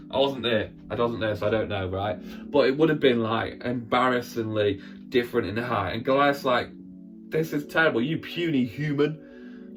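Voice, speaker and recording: Church guy telling a bible story all animated, sound effects and all, soft guitar in the back. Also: on the low side. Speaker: children's church presenter.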